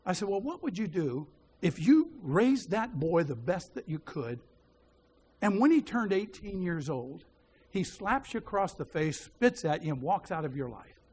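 A male preacher with a fairly high, very lively voice tells a story from the pulpit. He acts out each person's lines and drops to a hush for the prayers he quotes. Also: measured pace, husky. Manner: animated storyteller who acts out the dialogue. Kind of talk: sermon storytelling.

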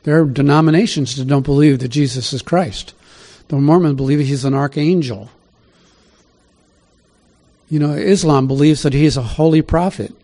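A male pastor speaks at normal speed in a mellow voice that runs a little high. Teaching from the Bible in a conversational sermon, he reads scripture aloud and asks his listeners questions throughout.

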